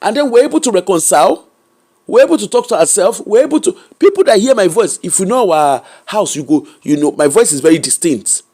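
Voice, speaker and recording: A Nigerian woman opens up as an interview guest, her delivery animated and emphatic. She swings between English, Pidgin and Yoruba as she talks about her own life, stressing her strongest points. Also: medium pitch, a little fast, husky. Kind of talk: candid personal storytelling.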